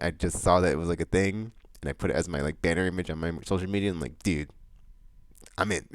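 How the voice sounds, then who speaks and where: A man hosting his monthly vlog, chatting loosely with lots of fillers, restarts and bursts of excitement. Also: sits low, no room sound. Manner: excitable outbursts about upcoming games. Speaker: vlog host. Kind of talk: casual rambling monthly vlog chat.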